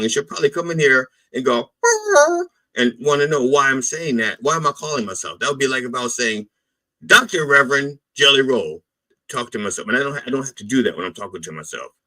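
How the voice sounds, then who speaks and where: A man riffs as a mock reverend in a rambling comic monologue. His voice is bright and forceful, and his pitch swings widely. He talks bluntly and keeps checking in with "all right?" and "okay?". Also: rough recording.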